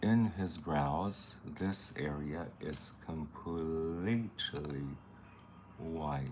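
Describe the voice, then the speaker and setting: Guy with a deep voice doing makeup, slow easy chat, bit of faint room noise. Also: a little mellow. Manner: chatty, thinking aloud while working, greets viewers. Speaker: makeup artist. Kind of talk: casual makeup tutorial chat.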